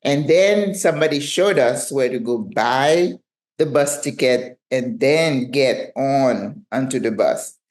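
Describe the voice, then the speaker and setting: A woman's voice: rumbling low, takes it slowly, darkish tone. A woman in her sixties with a French accent, telling a travel story to camera from her living room in a chatty, self-teasing way. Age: 60s. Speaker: retirement travel vlogger.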